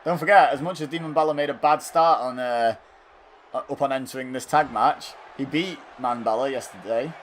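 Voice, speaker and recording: Over slight background noise, a man with a mid-range voice narrates a wrestling video game at normal speed in a casual style. Loud exclamations alternate with deadpan asides.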